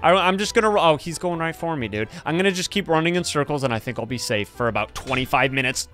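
Man, gaming commentary, high voice, bright tone, excitable, laughing, playful trash talk. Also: fast talker, faint music behind. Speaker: gaming channel host. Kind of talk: let's-play commentary.

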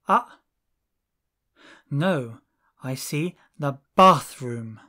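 Very slow, deliberate language teacher. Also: mid-range voice, animated, fairly bright tone. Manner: slow, deliberate phrase-by-phrase drilling. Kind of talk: language lesson drills.

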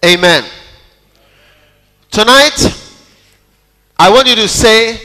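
A male pastor preaches a dramatic sermon in a high, bright, forceful voice, dropping to near whispers and rising to loud calls as he acts out scripture. His words ring through a large church hall with a long reverb. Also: lively intonation, unhurried, pauses often. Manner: dramatic, swinging from hushed to loud, acting out quotes.

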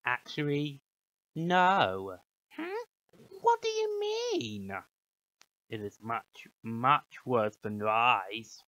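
A man voicing a calm, nerdy cartoon twin boy who speaks in a matter-of-fact way. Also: fairly high pitch, very slow, dry recording, heavily acted.

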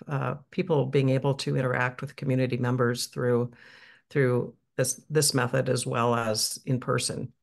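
A woman speaks up over a video call during a community meeting. She is friendly and wanders a little as she talks. Her voice has a gravelly edge. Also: rumbling low. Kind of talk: public meeting comment. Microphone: video call audio.

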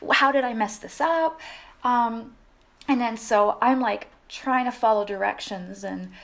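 A woman's voice: medium pitch, creaky. A young woman, a wedding photographer, telling a story in a casual, chatty vlog with lots of fillers and restarts.

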